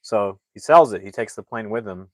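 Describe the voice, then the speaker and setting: A man's voice: on the low side, expressive, moderate pace, no echo. A man reviewing a movie, casually retelling the plot in a rambling way with lots of fillers and restarts.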